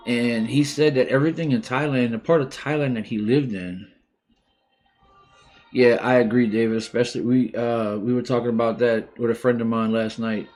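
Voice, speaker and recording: A man in his forties from the United States, hosting a live stream and speaking openly and emotionally about his own life, with many pauses and restarts. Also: mid-range voice, darkish tone. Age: 40s. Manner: halting and heartfelt, many restarts. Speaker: livestream host. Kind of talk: emotional personal talk.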